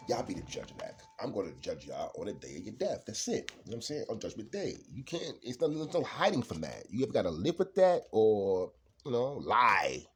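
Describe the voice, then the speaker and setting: Low-voiced, lively man rambling through a reading. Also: fairly quick, noisy background. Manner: rambling, laughs often, swings from mutters to loud bursts. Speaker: tarot card reader. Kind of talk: casual rambling tarot livestream.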